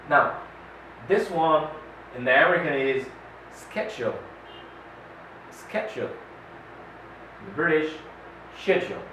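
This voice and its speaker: A man teaching a classroom pronunciation lesson, speaking deliberately, pausing with "uh" and repeating each model word. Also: fairly high pitch, fairly bright tone. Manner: slow, deliberate, with many "uh" pauses and repeated model words. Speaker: English teacher. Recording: echoey room, voice far from the mic, faint noise.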